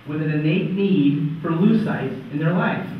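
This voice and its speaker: A man's voice: on the high side, measured pace. A man giving a conference talk in a wry, conversational way, often checking in with "right?". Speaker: conference presenter. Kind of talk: lively stage presentation. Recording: echoey hall, far-off dull mic.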